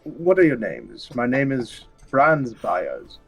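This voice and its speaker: A man's voice: mid-range voice, huge pitch swings, takes it slowly, vocal fry, fairly bright tone, soft background music, poor audio. A man playing a tabletop game, speaking in a formal, stilted way as his character. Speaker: player. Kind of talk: in-character tabletop role-play.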